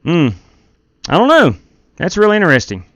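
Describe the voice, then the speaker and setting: A man's voice: high-pitched, wildly swooping pitch, normal speed, fairly bright tone, no room sound. A man hosting a sim racing live stream through a gaming headset, chatting casually with viewers while running the race lobby.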